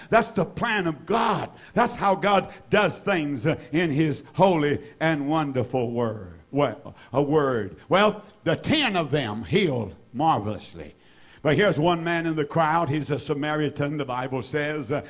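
Fervent elderly preacher, high voice. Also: male voice, lively intonation, moderate pace. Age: 70s. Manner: fervent, repetitive, exclaims hallelujah. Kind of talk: sermon.

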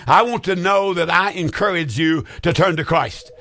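Earnest preacher man with a high voice. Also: normal speed, a bit bright. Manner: earnest, pleading, repeats phone numbers with fillers. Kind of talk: broadcast sermon appeal.

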